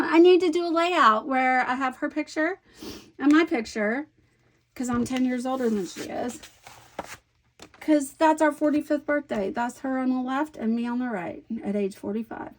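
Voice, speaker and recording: Lady in her 50s, slightly high voice, rambly and animated, laughs a lot. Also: unhurried. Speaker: scrapbooking vlogger. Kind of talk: casual chatty storytelling.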